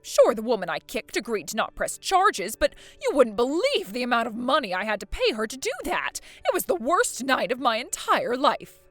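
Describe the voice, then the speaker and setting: A woman's voice: fairly high pitch, very animated, moderate pace, few pauses, fairly bright tone, no echo, faint music behind. A woman voicing a scheming, pompous mother-in-law in a voiced story drama, haughty and accusing. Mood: indignant. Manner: haughty, accusing, self-pitying.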